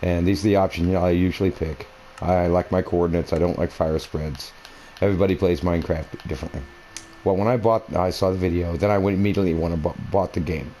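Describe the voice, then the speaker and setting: Playing a console game at home, a gaming video creator with a deep, mellow voice talks fast in a steady tone, telling rambling personal stories. His delivery is meandering and conversational, full of fillers and restarts, on a low-quality recording with a faint hiss underneath.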